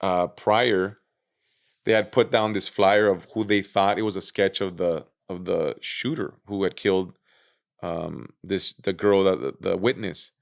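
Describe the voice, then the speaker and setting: A man's voice: low-pitched, unhurried, gravelly. A man being interviewed on a podcast, casually retelling his own story with lots of fillers, swearing and acted-out quotes. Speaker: interview guest.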